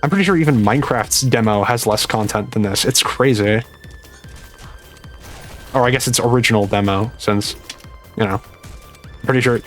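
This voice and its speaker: A young man talking quietly through a dental retainer while playing a game at home late at night, rambling and mocking himself. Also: medium pitch, moderate pace, pauses often, faint music behind. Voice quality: slightly muffled speech from a dental retainer. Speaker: gaming YouTuber. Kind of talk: live gameplay commentary.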